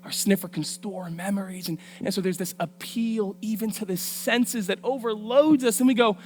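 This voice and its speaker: A woman guest preacher telling a Bible story in a lively, colloquial, street-smart way during a sermon. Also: mid-range voice, normal speed, hardly any pauses. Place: church.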